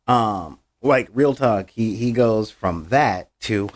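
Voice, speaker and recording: A man's voice: on the low side, slow pace, few pauses. A man hosting a podcast, recapping an episode in casual, slangy and heartfelt chat. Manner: slangy, heartfelt, with frequent fillers. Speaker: podcast host.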